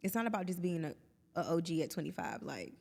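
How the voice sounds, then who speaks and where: A woman's voice: on the low side, animated, fast, gravelly, a little mellow, long reverb tail. A woman in her thirties, co-hosting a podcast, chatting openly and expressively with quoted asides. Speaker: podcast co-host. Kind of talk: candid conversational podcast chat.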